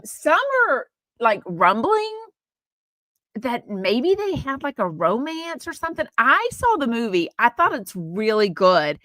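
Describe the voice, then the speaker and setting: A woman's voice: medium pitch, sharp tone, dry recording. A woman hosting a podcast, chatting about gossip in a rambling way with lots of fillers and asides. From Texas. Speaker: podcast host. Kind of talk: casual gossip chat.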